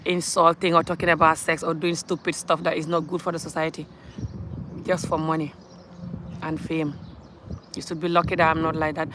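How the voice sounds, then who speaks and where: A woman's voice: low voice, background noise. A woman from Gambia with a Gambian accent, talking bluntly and emphatically to camera in a vlog rant, often breaking into laughter. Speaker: vlogger. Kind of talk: ranting vlog monologue.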